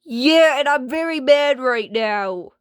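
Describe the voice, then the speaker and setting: A stubborn, whiny washing machine with a moody streak, played by a woman, talking slowly in a fairly high voice with defiant, slangy comebacks. The sound is dry and close, with no room around it. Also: animated, clear, resonant tone, dry recording. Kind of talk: homemade skit voice acting.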